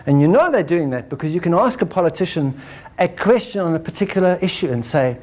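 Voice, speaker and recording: A man giving a lecture to an audience, animated, acting out examples and ending points with "right?". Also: fairly high pitch, quick pace. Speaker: speaker.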